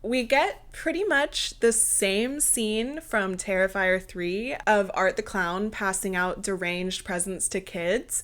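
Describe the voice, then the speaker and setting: A woman's voice: mid-range voice, fairly bright tone. Young woman, podcast co-host, casual film chat, sarcastic, laughs often.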